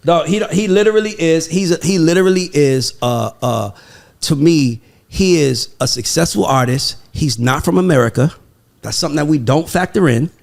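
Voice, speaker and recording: Host, male, raised gravelly voice, emphatic and profane in casual chat. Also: fairly high pitch, moderate pace. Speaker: podcast host.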